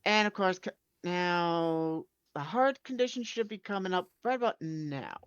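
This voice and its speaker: A woman co-host riffing a film in casual commentary, reacting loudly and swearing at the screen. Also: on the low side, a little slow, smooth, no room sound. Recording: slightly dull lo-fi mic.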